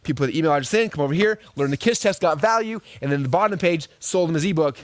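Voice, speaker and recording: Guy teaching marketing super fast, high voice, dry close sound. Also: no room sound. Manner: acts out quoted voices in a high excited pitch. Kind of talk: energetic teaching talk.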